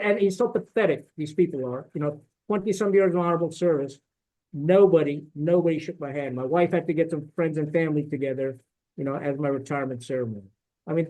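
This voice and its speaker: Middle-aged man, retired officer type, as a podcast guest: pitched high, blunt and profane, indignant storytelling with lots of "right?". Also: a little mellow, poor audio. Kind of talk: candid storytelling in a podcast conversation.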